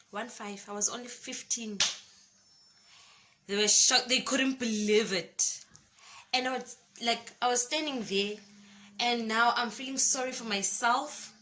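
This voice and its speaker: A young woman with a South African accent, telling a personal story to her vlog viewers in an expressive way and calling them guys. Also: fairly high pitch. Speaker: YouTuber.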